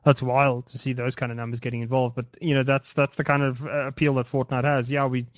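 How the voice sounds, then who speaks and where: A man from South Africa co-hosting a casual esports podcast, talking in halting bursts with teasing asides. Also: medium pitch, little pitch movement, dull audio. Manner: halting, many fillers and restarts, teasing. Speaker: podcast co-host.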